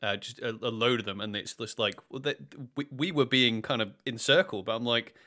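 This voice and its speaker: A man hosting a podcast, talking excitably in casual chat and tripping over his own restarts. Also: medium pitch, fairly quick. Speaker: podcast host.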